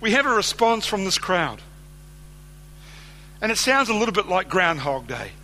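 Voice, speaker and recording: A man's voice: sits high, sing-song, moderate pace, sharp tone, a little hiss or hum. A man preaching a sermon, reading scripture aloud and speaking conversationally, often putting questions to his listeners.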